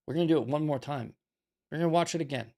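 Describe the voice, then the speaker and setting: A man's voice: on the high side, fast, darkish tone. An American man hosting a political commentary show, talking in a heated, preachy way, swearing and repeating himself for emphasis.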